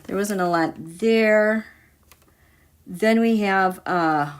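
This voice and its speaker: A woman giving a casual tarot reading to her viewers, musing and dramatic as she talks through the cards. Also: medium pitch. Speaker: tarot reader.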